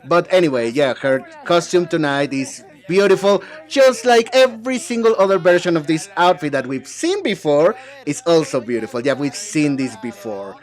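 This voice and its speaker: A man's voice: a little high, very animated, normal speed, hardly any pauses. A man voicing an English dub of reality-show banter alone, sassy and bickering as he switches between several speakers. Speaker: translator dubbing a reality show.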